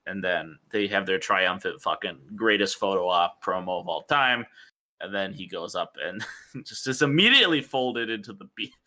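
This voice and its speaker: Bright-toned man chatting loosely. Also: sits low, normal speed. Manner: rambling, self-correcting, laughs easily. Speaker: podcast co-host. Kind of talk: casual wrestling review chat.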